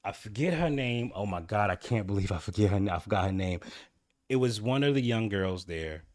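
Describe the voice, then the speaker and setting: A man's voice: on the low side, lively intonation, fairly quick, darkish tone, no room sound, studio quality. A man hosting his own channel, candidly telling a personal story in a rambling way with frequent restarts. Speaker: channel host.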